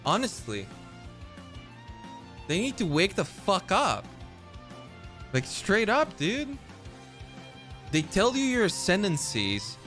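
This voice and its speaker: Male gaming streamer, high and animated, griping in disbelief, faint music underneath. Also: takes it slowly, long pauses. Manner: incredulous, complaining, swearing. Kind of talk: casual stream chat.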